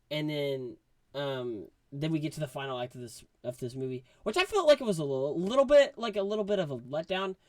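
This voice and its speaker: A young man giving a casual movie review, talking in slang and acting out quotes from scenes with excitement. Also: medium pitch, no room sound.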